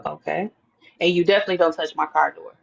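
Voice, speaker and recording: A woman telling a lively personal story in an interview, acting out her own thoughts and the other people's words. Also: low-pitched, quick pace, creaky, slightly rough, highs cut off. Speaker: interview guest. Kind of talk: animated storytelling.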